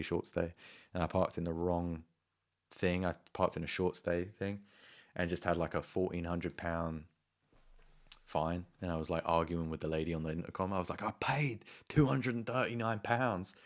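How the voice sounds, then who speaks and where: Brief: young male host, deep voice, chatty and rambling, tells stories with laughter. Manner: rambling, laughing, acts out his own raised voice in quotes. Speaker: music producer and channel host. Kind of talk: casual storytelling to viewers.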